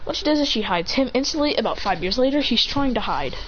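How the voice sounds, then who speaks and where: Woman rambling thru a fan story, kinda high voice, fixes herself a lot, dull lo-fi sound with faint hiss. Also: lively intonation, fast talker. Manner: rambling, restarts and self-corrections. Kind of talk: casual improvised fan story narration. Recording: dull home recording with faint ambient noise.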